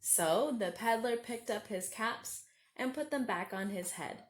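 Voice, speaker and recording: Woman storyteller for kids, unhurried read-aloud, chats with young listeners between pages. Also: fairly high pitch, lively intonation. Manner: gentle, talks to listeners as friends and asks them questions. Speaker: children's story reader. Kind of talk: reading a picture book aloud to children.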